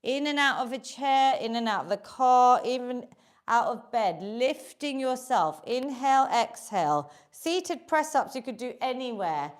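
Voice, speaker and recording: A middle-aged British woman with a high voice leads a live online exercise class. She cheers her students on and cues each inhale and exhale. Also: lively intonation, measured pace, smooth. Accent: British English. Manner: encouraging, cueing breaths and counts. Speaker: fitness instructor. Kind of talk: live online workout instruction.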